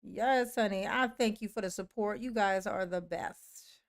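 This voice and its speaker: A woman hosting a casual livestream, greeting viewers in the chat, playful and laughing often with drawn-out "yes, honey" replies. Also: medium pitch. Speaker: livestream host. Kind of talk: casual livestream chat, reading and answering a live chat.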